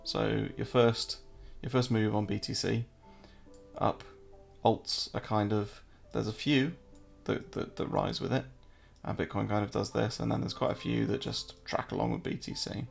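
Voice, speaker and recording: Gravelly English man talking markets. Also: lowish voice, level tone, normal speed, faint music behind. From England. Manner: chatty, joking, answers viewer chat while walking through charts. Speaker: crypto trading streamer. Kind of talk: casual live-stream market commentary.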